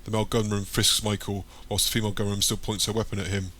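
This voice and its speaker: A man reading an audiobook chapter in plain, even scripted narration. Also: on the low side, fast.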